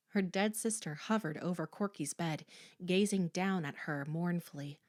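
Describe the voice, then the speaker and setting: A woman narrating a horror audiobook in a slow, hushed, suspenseful manner. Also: on the low side, dry recording, clean studio sound.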